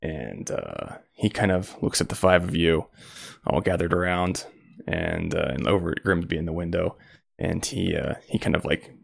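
A man's voice: low voice, animated, moderate pace, vocal fry, husky. A man narrating as game master at home, rambling with lots of fillers.

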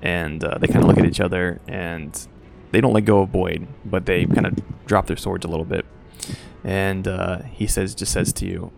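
A man's voice: low-pitched, level tone, moderate pace, gravelly, noisy background. A man narrating as game master of a tabletop game, hesitant and full of fillers. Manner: hesitant, filler-heavy, stuttering.

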